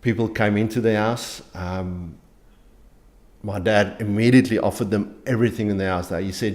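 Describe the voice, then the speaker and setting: A middle-aged man from South Africa with a South African accent, an interview guest speaking earnestly and haltingly, with frequent restarts. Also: lowish voice, a little mellow. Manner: earnest, halting, many restarts and repeated words. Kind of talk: conversational interview.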